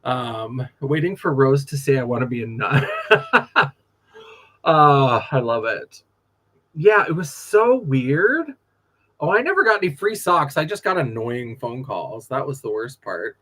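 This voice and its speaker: A man's voice: a little high, sing-song, unhurried, pushed and bright. A man from North Dakota, a drag performer telling stories in a sassy, laughing late-night chat.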